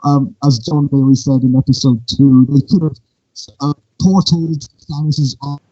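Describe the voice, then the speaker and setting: A man with a husky voice muses through his ideas on a casual podcast, putting on voices for quotes. His mic is dry and dull, lo-fi. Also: medium pitch, steady tone, normal speed, warm tone, dry recording. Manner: musing, acts out quoted lines. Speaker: podcast co-host.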